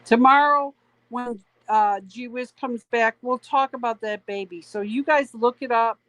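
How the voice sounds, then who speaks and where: A woman from Canada co-hosts a laid-back late-night livestream, talking in a chatty, drawn-out style and reading viewer comments out loud. Her pitch is fairly high, with no echo, on a low-quality recording.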